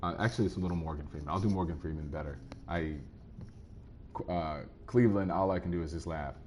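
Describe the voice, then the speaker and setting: A man's voice: sits low, quick pace, a little mellow, a little hiss or hum. A man casually chatting with viewers while he plays a game live, easygoing and rambling as he answers their comments. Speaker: streamer playing a game live.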